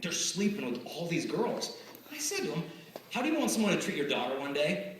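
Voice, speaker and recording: In an echoey hall, far from the mic, a man with a fairly high, brisk voice gives a live motivational talk to students as a chastity speaker at schools. He tells lively stories and acts out the quoted exchanges, with a little hiss or hum in the audio.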